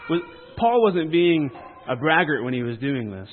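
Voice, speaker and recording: A man's voice: a little high, lively intonation, a little slow, pauses often. A man preaching a conversational sermon at a family camp, with rambling, playful asides to the crowd. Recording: tinny phone-like sound with long hall reverb.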